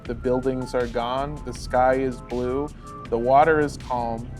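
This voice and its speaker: A man narrating a tabletop role-play as game master, relaxed, with many fillers. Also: mid-range voice, slow pace, soft background music.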